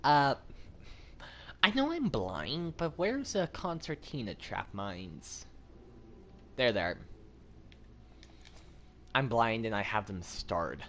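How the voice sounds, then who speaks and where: A man giving casual, rambling gameplay commentary, mocking himself and talking to his character. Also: wildly swooping pitch. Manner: unhurried, with sudden squeaky jumps in pitch. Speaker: gaming channel host.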